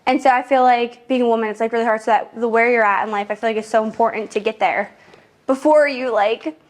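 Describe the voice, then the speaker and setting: Young woman host, winded from a workout, rambling chatty delivery, slightly high voice. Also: fairly even intonation, fast talker. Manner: chatty, lots of "like" fillers. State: out of breath. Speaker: podcast host. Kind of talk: casual chat while working out.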